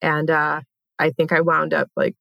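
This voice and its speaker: Woman, low voice, candid and sweary, casual podcast chat, dry close sound. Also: completely flat delivery, normal speed, creaky, sharp tone, no room sound. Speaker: podcast co-host.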